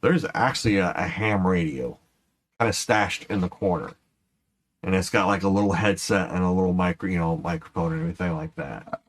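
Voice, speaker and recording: Lowish guy narrating as game master, lots of uhs and kindas. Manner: hesitant, filler-heavy narration with quick voiced quotes.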